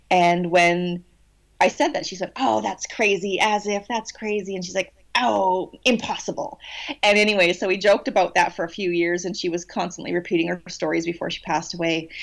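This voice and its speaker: A woman telling a personal story in a podcast interview, cheeky and animated, with many restarts. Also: lowish voice. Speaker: guest channeler.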